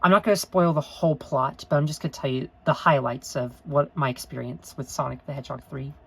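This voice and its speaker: A woman's voice: a bass voice, fairly even intonation, brisk, creaky, slightly rough, poor audio. A woman talking to camera in an unscripted review vlog, earnest and rambling, gushing with emotion and often apologizing. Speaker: vlogger.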